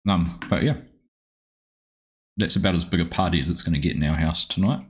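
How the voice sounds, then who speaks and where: Deep-voiced New Zealand man streaming games. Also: a little fast. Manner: friendly, rambling, greets viewers by name. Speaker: game streamer. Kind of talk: casual live-stream chat.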